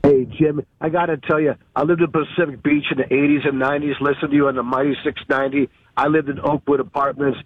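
A man's voice: fairly high pitch, flat delivery, fast, breathy edge, no echo. A man phoning in to a radio show, telling a chatty, rambling story. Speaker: caller. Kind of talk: phone-in call to radio show. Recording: phone line.

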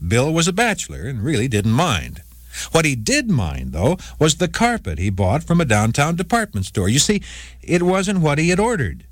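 A man's voice: on the high side, no room sound, studio quality. A man hosting a short radio segment on the law, telling a court case in scripted narration. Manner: storytelling, voices quoted speakers lightly. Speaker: legal segment host.

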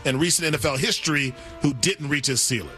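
A man previewing football games as a sports analyst, with a showy sales-pitch delivery and lots of flavor. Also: quick pace, over music. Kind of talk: hyped game preview segment.

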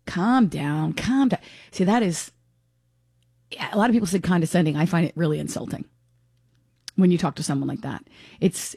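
A woman's voice: fairly low pitch, mellow, husky, dry recording, clean studio sound. A woman hosting a talk radio show, chatting frankly and giving her opinions in a casual, unscripted way. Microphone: studio microphone.

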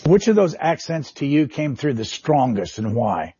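Husky, dark-voiced male interviewer. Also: medium pitch, big pitch swings, no echo. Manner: conversational, brisk questioner. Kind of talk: interview questions. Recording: dry, dull lo-fi audio.

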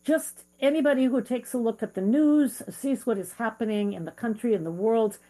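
A woman's voice: fairly high pitch, moderate pace, warm tone. Earnest middle-aged woman hosting an interview. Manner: earnest, heartfelt, with frequent fillers. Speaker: interview host. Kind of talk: conversational interview.

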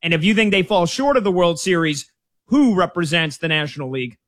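Brief: male radio host, fairly high voice, dry studio sound, breezy banter. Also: animated, a little fast, no room sound. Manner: upbeat, folksy promos and banter. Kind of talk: casual sports radio hosting.

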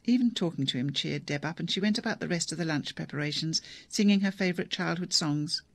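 A narrator reading a novel aloud in a measured, even storytelling manner. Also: mid-range voice, gravelly, dry recording. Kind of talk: audiobook narration.

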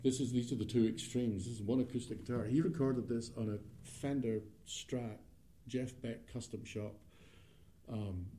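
Scottish man, warm guitarist telling stories. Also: medium pitch, fairly even intonation, moderate pace, a little hiss or hum. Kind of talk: storytelling between tunes.

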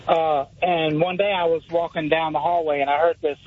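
Older man, husky, rambling folksy caller, dull lo-fi phone line. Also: on the high side, steady tone, a little fast. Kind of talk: storytelling on a call-in show.

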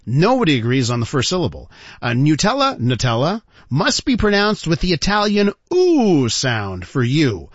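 A man with a slightly high voice hosts a talk radio show, his pitch leaping around as he tells a story. The sound is dry and a little dull, as if heard on a radio broadcast. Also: normal speed, breathy edge, dry recording. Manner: animated, addresses listeners as ladies and gentlemen.

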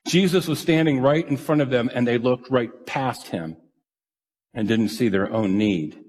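A man's voice: medium pitch, unhurried, darkish tone. A male pastor giving a sermon in an earnest, conversational, self-deprecating way. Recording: reverberant church hall.

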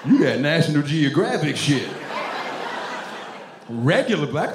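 Animated, laughing comedian from Nigeria. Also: male voice, on the high side, measured pace, long pauses, background noise. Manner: animated, profane, laughing storyteller. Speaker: stand-up comedian. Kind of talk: stand-up comedy set. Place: comedy club stage. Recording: echoey comedy club with laughing crowd.

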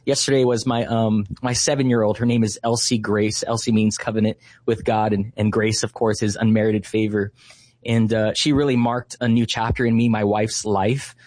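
A man's voice: on the low side, level tone, normal speed, a little mellow, no echo. A man in his thirties from Hawaii, a guest in an interview, telling a story earnestly and passionately with lots of fillers. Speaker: guest, Christian activist.

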